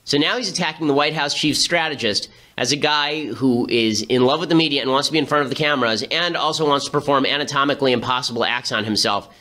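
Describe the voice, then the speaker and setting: A man hosting a political commentary show, talking fast with sarcastic, incredulous asides. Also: medium pitch, pushed and bright. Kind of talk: rapid political commentary monologue.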